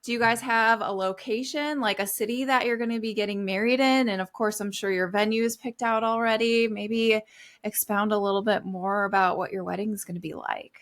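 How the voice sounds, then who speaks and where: A woman's voice: medium pitch, fairly even intonation, fairly quick. Enthusiastic woman hosting an interview. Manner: enthusiastic, affirming reactions. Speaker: podcast host.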